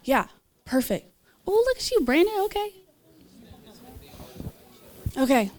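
High-voiced woman preaching an altar call. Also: very animated, slow, darkish tone. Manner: earnest, encouraging, with small laughs and asides. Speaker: preacher leading prayer ministry. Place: church gathering.

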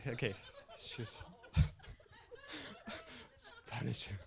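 A middle-aged man preaching to a congregation, turning a personal story into a lesson. He laughs often and keeps things loose and animated. His voice sits in an ordinary middle pitch. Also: brisk, crowd noise. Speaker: pastor. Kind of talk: humorous sermon storytelling.

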